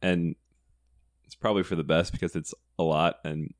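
A man's voice: sits low, fairly even intonation, moderate pace, no room sound. A man co-hosting a casual film podcast, making wry, dry jokes. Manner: wry, dryly joking. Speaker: podcast co-host.

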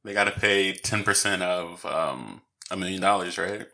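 A man's voice: low-pitched, normal speed, bright, forceful tone. A man co-hosting a casual podcast chat about a movie, laid-back and agreeable, laughing often. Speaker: podcast co-host.

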